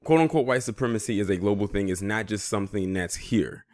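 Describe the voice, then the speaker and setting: A man hosting his own channel, casually explaining a clip to his viewers in a relaxed, conversational way. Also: on the low side, no room sound, studio quality. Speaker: vlogger commentator. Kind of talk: casual commentary.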